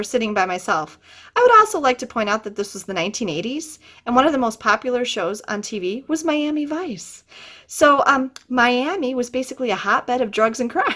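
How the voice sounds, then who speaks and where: Bright-voiced chatty woman storyteller. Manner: chatty and animated, laughs often, jumps to high pitch when quoting herself. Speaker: travel vlogger. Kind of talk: casual storytelling.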